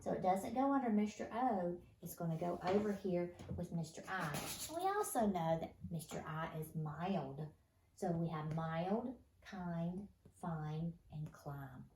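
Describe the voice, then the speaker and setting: Her voice is lowish and somewhat dark in tone, expressive and a little slow. She's teaching phonics to first graders with patience and encouragement, answering replies she imagines from the kids, and the room is echoey with faint background noise.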